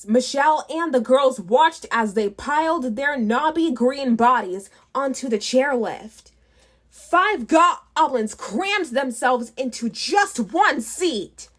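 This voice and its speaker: Slow, lilting woman reading a storybook. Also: high-pitched. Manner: unhurried, with small restarts. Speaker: children's book reader. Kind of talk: storybook read-aloud.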